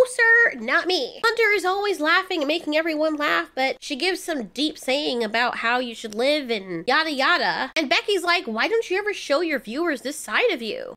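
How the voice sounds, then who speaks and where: A woman's voice: sits high, bright, forceful tone. A young woman giving blunt, sarcastic, swear-filled commentary as a movie reviewer.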